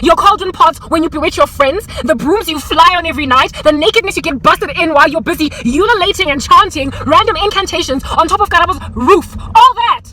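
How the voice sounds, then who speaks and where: A young woman with a South African accent rants to camera in a fervent, preachy and sarcastic way, dropping Sotho phrases as she goes. Her voice sits high and sounds bright and sharp, and she rattles along quickly. Faint traffic hums in the background. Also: expressive, poor audio. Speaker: vlogger. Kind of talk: impassioned monologue to camera.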